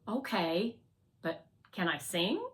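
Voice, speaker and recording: A woman voicing a small, chatty, excitable drone that talks loudly and eagerly in bursts. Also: fairly low pitch, slow. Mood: eager chatter.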